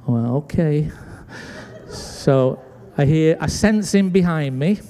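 The man preaching here has a fairly high voice and speaks slowly. He's a British pastor acting out the voices in his story with lively storytelling, heard in a church sanctuary with long church hall reverb.

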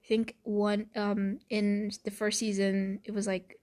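A woman's voice: mid-range voice, flat delivery, measured pace, a little mellow. A woman hosting a casual chat, rambling and swearing freely, with laughs and restarts. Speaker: podcast host.

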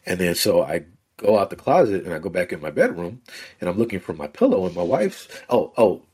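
A man, a podcast guest, telling a personal story in a relaxed, rambling way with many fillers. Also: low voice, brisk, slightly rough. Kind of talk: casual conversational storytelling.

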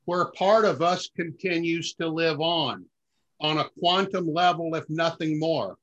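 A man's voice: a little high, measured pace, fairly bright tone. A man who is a podcast guest in casual conversation, adding short reflective remarks and agreements. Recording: muffled lo-fi audio.

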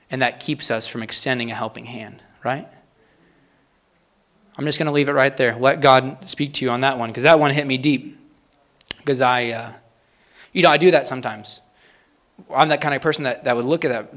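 A man preaching a sermon, reading quotes aloud with rising emphasis and pausing to talk plainly to the congregation. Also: mid-range voice, fairly bright tone. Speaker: pastor.

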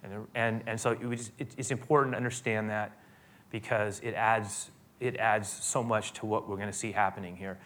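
A man preaching a sermon, retelling a scripture scene with many restarts, dropping to hushed tones and rising to emphatic peaks. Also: fairly low pitch, fairly even intonation, moderate pace. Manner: storytelling with frequent restarts, swinging from hushed to emphatic.

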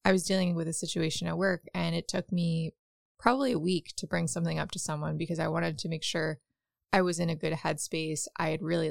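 A woman's voice: fairly low pitch, vocal fry, no echo, clean studio sound. A woman co-hosting a podcast, giving casual conversational advice with lots of "like". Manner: conversational, many "like" fillers. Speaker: podcast co-host.

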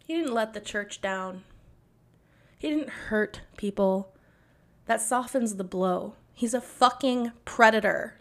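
A woman's voice: on the high side, takes it slowly. A young woman hosting a podcast, delivering an angry, sarcastic and profane monologue. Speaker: podcast host.

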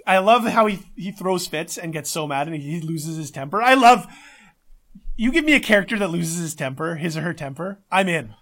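A man co-hosting a casual podcast, talking in an excitable, emphatic way and swearing often. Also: fairly high pitch, normal speed. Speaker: podcast co-host.

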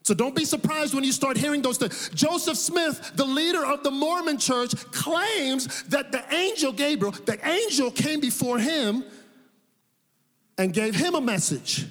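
A male pastor preaching a sermon, telling a personal story with animated delivery and laughing at his own tale. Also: extremely high pitch, a little slow, big-room sound. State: sweating.

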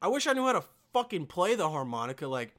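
A man's voice: high voice, quick pace, a little hiss or hum. A young man from Bosnia hosting a casual solo podcast, ranting with lots of swearing and calling listeners dude. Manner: profane, animated, calls listeners dude and man. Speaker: podcast host.

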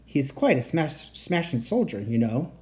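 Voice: medium pitch, very animated, moderate pace, a little mellow, close to an everyday voice. A reader voicing a polite teenage boy enchanter who speaks in formal, old-fashioned phrasing. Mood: earnest.

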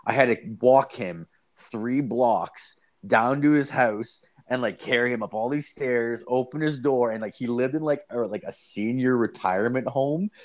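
A man's voice: mid-range voice, moderate pace, hardly any pauses. Profane rambling guy. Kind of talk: casual storytelling chat.

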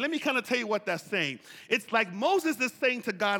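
A man's voice: extremely high pitch, very animated, moderate pace, few pauses, bright, forceful tone, big-room sound. A man preaching a sermon as pastor, with impassioned call-and-response and folksy turns of phrase. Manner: folksy, drawls "y'all" and "ain't". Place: church sanctuary.

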